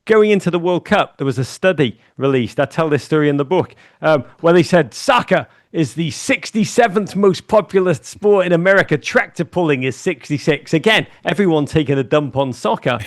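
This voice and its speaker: A man, a guest telling lively anecdotes in a casual interview. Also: a little high. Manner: animated anecdotes, fast asides. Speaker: guest, media founder and author.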